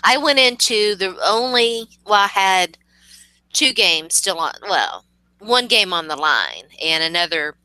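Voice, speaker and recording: A woman's voice: medium pitch, very animated, unhurried, pushed and bright, clear, resonant tone, no room sound, low-quality recording. A woman co-hosting a casual fantasy football chat, talking in a chatty, self-deprecating way. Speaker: podcast co-host.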